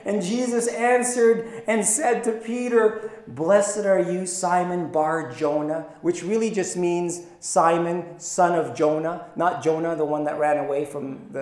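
A man with a high voice preaches a sermon in a chatty, playful way. His voice rings through an echoey room. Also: a little mellow. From Philippines. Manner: conversational preaching with playful asides. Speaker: pastor.

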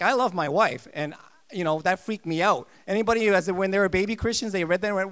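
A man preaching a sermon, emphatic and lively, repeating his key phrases. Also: high-pitched, a little fast, clean tone. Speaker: pastor.

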